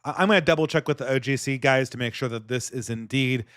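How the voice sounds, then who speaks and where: A man hosting a casual livestream, reading donations and talking in a sardonic, halting way with frequent restarts. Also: medium pitch, fairly bright tone, no echo, clean studio sound. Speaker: livestream host.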